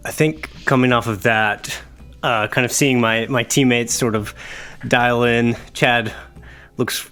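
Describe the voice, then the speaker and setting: A male player in a tabletop game, describing what his character does in a loose, halting way and laughing often. His voice sits at a middle pitch. Faint music plays behind him. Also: steady tone, bright, forceful tone, smooth. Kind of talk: tabletop game role-play.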